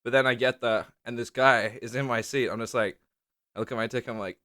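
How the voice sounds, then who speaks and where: A man's voice: mid-range voice, fairly even intonation, fast talker, fairly bright tone, no echo, clean studio sound. A young man telling rambling, swear-laden travel stories to camera in a casual vlog, leaning hard on "like". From Australia. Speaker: vlogger. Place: small indoor room under a lamp.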